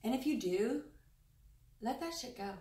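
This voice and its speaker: A woman's voice: a little high, lively intonation, measured pace, dark tone. A woman giving a casual, effusive tarot reading to camera, rambling and chatty with plenty of fillers and the odd swear word. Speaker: tarot reader. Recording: roomy sound, a bit distant from the mic.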